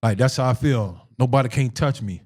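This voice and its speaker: A man's voice: mid-range voice, fairly quick, a little mellow. A man co-hosting a podcast, telling a personal story in an emphatic, conversational way, repeating phrases for stress. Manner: conversational, acts out quoted dialogue. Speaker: podcast co-host.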